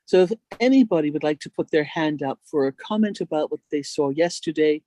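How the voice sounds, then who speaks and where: A woman's voice: low voice, brisk, dark tone, dry recording. Gracious woman hosting a video call. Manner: gracious, calling on speakers one by one. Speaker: meeting host.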